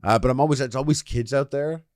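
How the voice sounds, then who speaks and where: A man in his thirties, podcast co-host, chatting casually and telling animated stories with sudden loud shouts when he quotes himself. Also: mid-range voice, quick pace, dry recording, studio quality. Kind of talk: casual chat.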